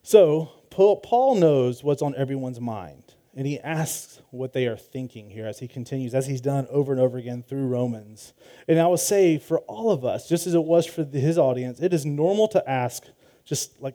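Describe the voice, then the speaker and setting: A man's voice: medium pitch, animated, moderate pace, dark tone. A man preaching a sermon, talking through scripture conversationally with fillers and restarts. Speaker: pastor.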